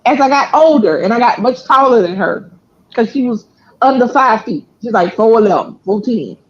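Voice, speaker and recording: A woman's voice: a little high, normal speed. A woman telling a family story in casual, slangy chat, acting out quotes and laughing often. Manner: animated, laughing, slangy delivery with acted-out quotes. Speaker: storyteller, channel co-host. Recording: dull lo-fi sound.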